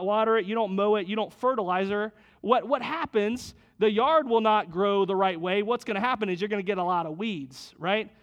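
A middle-aged man preaching a sermon to couples in a conversational way, repeating key lines and joking with his listeners. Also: high voice. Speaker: pastor.

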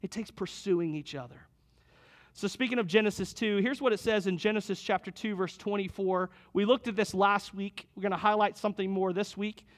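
A man's voice: high voice, a little fast. A middle-aged man preaching a sermon to couples in a conversational way, repeating key lines and joking with his listeners. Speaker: pastor.

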